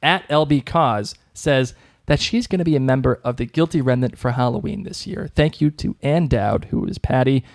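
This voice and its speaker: A man's voice: medium pitch, lively intonation, moderate pace, gravelly, dry recording, clean studio sound. A man co-hosting a TV podcast, upbeat and teasing in casual chat. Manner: teasing, upbeat, laughs a lot. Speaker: podcast co-host.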